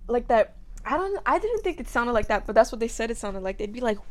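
A woman's voice: a little high, expressive, normal speed. Young adult woman from the US, casual Q&A monologue, chatty and slangy, phone memo recording. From from the United States. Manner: chatty, slangy, lots of fillers and laughs. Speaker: audio performer answering listener questions. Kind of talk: casual monologue answering questions.

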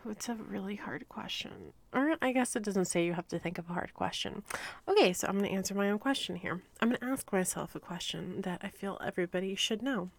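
A woman in her thirties answering questions in a casual solo monologue, soft-spoken, often slipping into whispers and swearing freely. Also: medium pitch, animated, fairly quick, gravelly. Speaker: audio erotica creator.

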